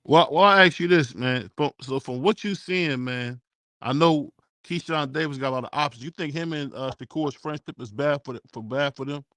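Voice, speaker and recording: A man hosting a casual sports talk show, relaxed and conversational, often tagging his sentences with "man.". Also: on the high side, normal speed, dry recording, clean studio sound.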